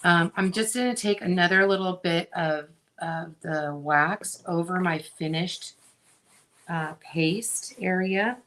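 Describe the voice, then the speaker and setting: A middle-aged woman talks her viewers through a craft project in a slow, unhurried way, often breaking off with small asides and fillers. Her voice sits fairly low for a woman and stays relaxed and conversational. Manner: chatty, talks to viewers while working, frequent fillers. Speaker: craft video host. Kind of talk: casual crafting demonstration.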